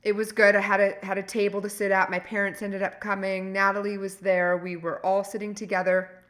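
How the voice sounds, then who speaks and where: A woman co-hosting a podcast, chatting casually and telling animated, rambling stories full of restarts. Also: mid-range voice, fairly quick. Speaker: podcast co-host. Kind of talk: casual chat.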